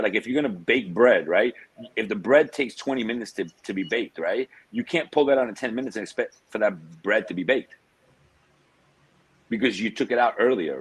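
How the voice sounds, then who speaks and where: A man's voice: fairly low pitch, breathy edge, poor audio. A man, a guest telling stories in a casual interview, streetwise and full of slang. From United States. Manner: streetwise slang, drawn-out tangents.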